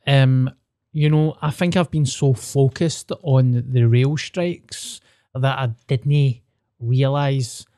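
Guy hosting a podcast, mellow low-key tone, dry close sound, swears a lot. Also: takes it slowly, no room sound. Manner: blunt, sweary banter. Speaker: podcast host, comedian. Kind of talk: casual chat.

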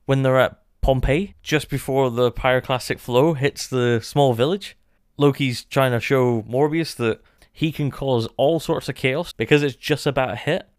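A man's voice: medium pitch, normal speed, clear, resonant tone, no echo, studio quality. A man, co-hosting a casual review chat, musing thoughtfully with many filler words. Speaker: podcast co-host.

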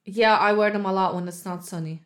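A woman's voice: mid-range voice, steady tone, brisk. Blunt woman, Russian speaker. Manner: blunt, swears, laughs easily. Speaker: podcast co-host. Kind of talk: casual chat.

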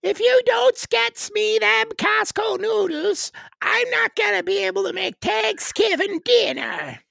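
Squawky, hollering old Newfoundland fellow. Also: male voice, very high voice, lively intonation, a little slow, vocal fry, sharp tone, no echo, clean studio sound, voice pushed up, full character voice. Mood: boisterous. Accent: put-on Newfoundland. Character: rowdy old rural Newfoundland man, boisterous.

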